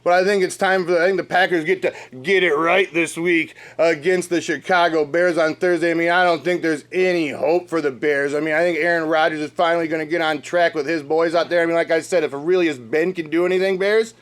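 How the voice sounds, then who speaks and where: A man with a fairly high voice co-hosts a fantasy football chat. He rants in a sweary, exasperated way and talks straight at the team as if it could hear him. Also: steady tone, a little fast, few pauses. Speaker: fantasy football podcast co-host. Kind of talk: profane comedic rant and sports chat.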